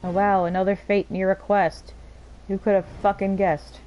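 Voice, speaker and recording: A woman's voice: medium pitch, flat delivery, moderate pace, a little mellow, a little hiss or hum, rough recording. A woman giving casual gameplay commentary, chatty and playful, swearing freely. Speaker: game streamer.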